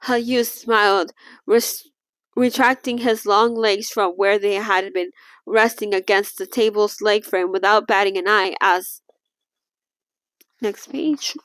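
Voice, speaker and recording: A woman's voice: mid-range voice, little pitch movement, a little slow, fairly bright tone, clean tone, no room sound. A young adult woman casually reading a novel aloud, stumbling over words, restarting lines and breaking off to comment. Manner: stumbles and restarts, laughs and comments between passages. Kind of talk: casual read-along with asides.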